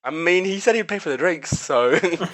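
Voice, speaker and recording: A man's voice: high voice, a little fast, crowd noise. A young man co-hosting a student podcast in casual chat, swearing and laughing often. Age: young adult. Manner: swears a lot, laughs often, lively storytelling. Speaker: podcast co-host.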